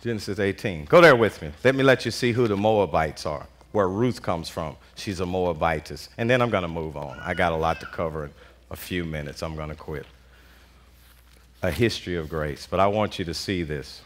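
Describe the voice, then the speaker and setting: A man preaching a sermon as pastor, in animated call-and-response style with constant "Amen" and casual vernacular with "y'all". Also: low-pitched, moderate pace. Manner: Southern US Black vernacular speech, "y'all".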